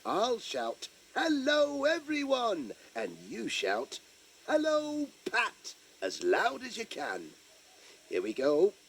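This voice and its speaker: A man's voice: medium pitch, wildly swooping pitch, slow pace, a little hiss or hum, full character voice. An actor playing a cheerful, chatty village postman who tells a children's story and talks straight to young listeners. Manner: chirpy, chatty, addresses young listeners directly. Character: cheerful friendly village postman, adult man. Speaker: storyteller in character. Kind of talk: children's audio story narration.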